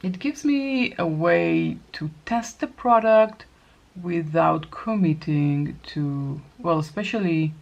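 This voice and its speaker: A woman's voice: fairly low pitch, animated, takes it slowly, vocal fry. A middle-aged woman chatting casually through a get-ready-with-me makeup routine, thinking aloud as she applies each product. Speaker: makeup vlogger.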